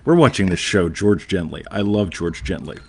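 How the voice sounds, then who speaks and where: A man's voice: sits low, lively intonation, moderate pace, creaky, breathy edge. A man co-hosting a live online show, talking in a jokey, digressive way and often asking "right?". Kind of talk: casual, rambling live-stream chat.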